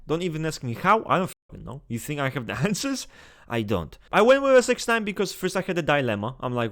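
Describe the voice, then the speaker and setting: A man hosting a casual tier-list video, talking straight to his viewers in a blunt, excitable, swear-heavy way. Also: mid-range voice. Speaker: typology video host.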